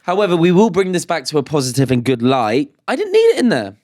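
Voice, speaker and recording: A man co-hosting a podcast, telling stories in casual chat with animated swearing. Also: a little high, quick pace, dry recording, clean studio sound. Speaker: podcast co-host.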